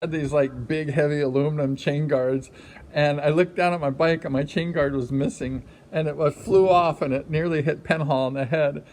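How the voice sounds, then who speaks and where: A man's voice: on the high side, fairly even intonation, normal speed. A middle-aged man, a former speedway racer, telling a rambling story full of repeated fillers. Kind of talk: casual storytelling. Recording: loud music underneath.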